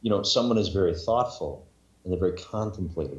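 A man's voice: deep voice, lively intonation, a little fast. A man in casual podcast chat about narrating audiobooks, rambling with many restarts and self-mocking asides. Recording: echoey room, dull lo-fi sound.

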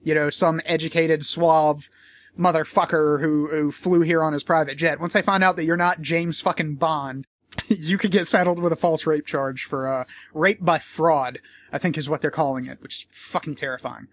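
A man's voice: on the high side, steady tone, normal speed. A man in a casual commentary vlog, talking in a rambling, profane, joking way. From United States.

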